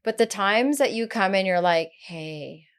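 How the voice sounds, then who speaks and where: A woman co-hosting a podcast in a casual back-and-forth, with a mid-range voice. She tells personal stories openly and with lively energy. She swears now and then without a second thought. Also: mid-range voice, normal speed, smooth. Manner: candid, animated storytelling with casual swearing. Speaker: podcast co-host. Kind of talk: casual chat.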